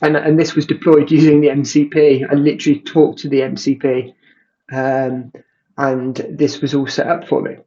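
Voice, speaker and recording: A man walks through a software demo in a relaxed, halting way, stopping often on ums and restarting his sentences. His voice sits a little high for a man. The sound is a bit dull and muffled, as if from a basic desk mic. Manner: halting, many ums and restarts, self-described non-coder. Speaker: tutorial presenter. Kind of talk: casual screen-recorded walkthrough. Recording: muffled audio.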